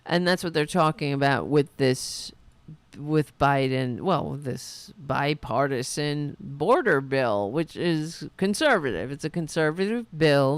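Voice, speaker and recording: A woman's voice: deep voice, clean tone, no room sound. A woman hosting a political podcast, ranting in an indignant, sarcastic and profane way and mocking the people she quotes. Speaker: podcast host. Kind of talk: political commentary rant.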